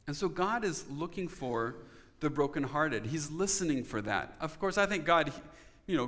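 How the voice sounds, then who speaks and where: A man's voice: on the high side, fairly bright tone, big-room sound. A man preaching a sermon in an earnest, conversational way, now and then putting questions to his congregation. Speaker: pastor.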